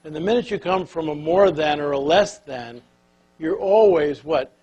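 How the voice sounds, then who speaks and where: Husky older man telling a folksy story. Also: fairly high pitch, moderate pace, lo-fi sound. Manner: folksy, animated storyteller, drops to soft near-whisper. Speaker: speaker on leadership. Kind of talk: storytelling talk.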